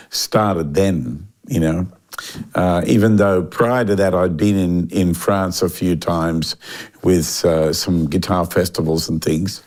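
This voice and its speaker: An older man with an Australian accent, a musician guest telling animated stories and acting out the people he quotes. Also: deep voice. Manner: animated storyteller, acts out quoted voices, frequent restarts. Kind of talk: relaxed storytelling interview.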